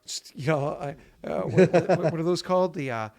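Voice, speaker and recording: A man's voice: on the high side, steady tone, normal speed, a little mellow. A man narrating as game master, rambling, with restarts and sounds acted out. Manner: rambling, many fillers and restarts, vivid sound effects.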